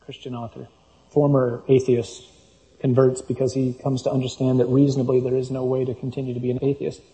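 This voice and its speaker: A man's voice: mid-range voice, monotone, a little fast, mellow, poor audio. A man preaching a sermon, reasoning emphatically and reading scripture passages aloud.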